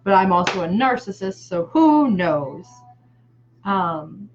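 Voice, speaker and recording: A woman's voice: medium pitch, very animated, slow, a little hiss or hum. A woman in a casual vlog, chatting while she paints a face design. She rambles through her stories with plenty of fillers and some casual swearing. Her voice sits mid-range, and the audio is somewhat muffled and lo-fi. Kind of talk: casual chat.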